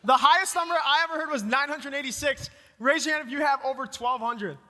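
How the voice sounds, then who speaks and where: A man with a Minnesota accent preaching a lively youth sermon and talking straight to the room. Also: very high voice, fairly quick. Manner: energetic, talks to the room directly. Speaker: youth pastor. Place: church youth hall. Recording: long hall reverb.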